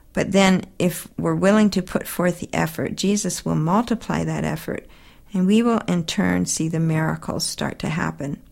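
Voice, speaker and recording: A woman speaks in an earnest, heartfelt tone, reading a devotional prayer and then reflecting on it. Her voice sits a little low and carries a gravelly, fried texture.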